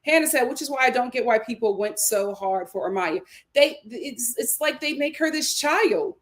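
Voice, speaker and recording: A woman with a slightly high voice hosts a livestream, reading out viewer comments one by one. She reacts to each with emphatic opinions and repeats her lines to drive a point home. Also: lively intonation, moderate pace. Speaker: show host.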